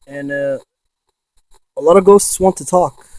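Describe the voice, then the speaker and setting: A man in a ghost box session vlog, excitedly calling out to spirits and swearing when he insists to viewers. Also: fairly high pitch, a little slow, dry recording. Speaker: paranormal investigator.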